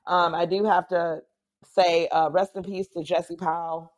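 A woman's voice: lowish voice, little pitch movement, measured pace. A woman co-hosting a podcast in casual chat, teasing and chiming in often. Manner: playful teasing, chimes in often. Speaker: podcast co-host.

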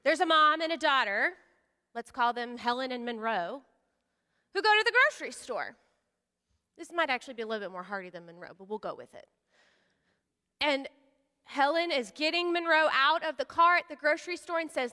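Woman preacher, lively storyteller, bright tense voice, long hall reverb. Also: high-pitched, brisk, clear, resonant tone. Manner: animated, acts out voices of characters. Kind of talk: sermon with storytelling.

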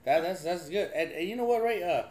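A man hosts a podcast in loose, casual chat, telling profane stories and laughing often. His voice sits a little high for a man. A faint hiss of background noise runs behind him. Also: animated, a little fast, darkish tone. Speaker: podcast host.

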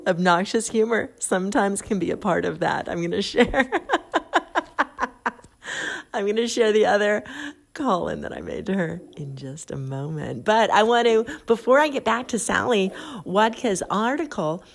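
A woman's voice: mid-range voice, expressive, normal speed, creaky. Middle-aged woman hosting a chatty podcast. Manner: chatty, laughs often at her own reading. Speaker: podcast host. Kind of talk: casual podcast talk, reading an article aloud. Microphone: phone app.

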